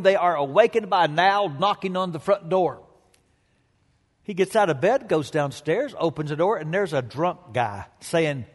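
Emphatic high-voiced male preacher in a hall. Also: animated. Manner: emphatic, dramatic pauses, storytelling. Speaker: pastor. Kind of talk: sermon.

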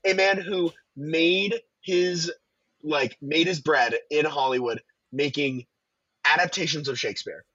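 A man co-hosting a podcast, reviewing films in casual, profane, excitable chat. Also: fairly high pitch, measured pace, slightly rough, no room sound, muffled recording. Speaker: podcast co-host.

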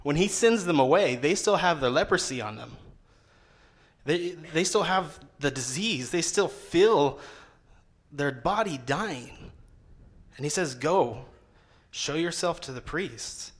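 A man's voice: fairly high pitch, takes it slowly. A young man, a seminary student, preaching a casual sermon in a conversational way and acting out quotes. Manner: conversational, lively, acts out quotes with rising voice.

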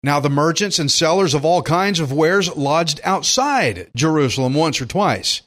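Older male pastor, folksy and emphatic Bible teacher, voice on the high side. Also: animated, measured pace, a bit bright. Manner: folksy and emphatic, acts out quotes.

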